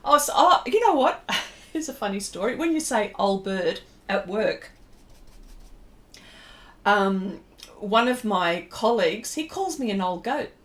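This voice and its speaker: A middle-aged Australian woman chats in a slow, unhurried way as she draws on a live stream. She rambles from one thought to the next and laughs often, and her voice sits at an ordinary middle pitch. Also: lively intonation, fairly bright tone. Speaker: pastel artist streaming live. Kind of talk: casual livestream chat while drawing.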